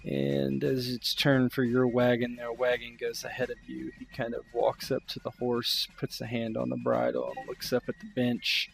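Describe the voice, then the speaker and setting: A man narrating a tabletop game as game master, in a relaxed, loose way. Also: medium pitch, normal speed, creaky, hardly any pauses, slight background noise.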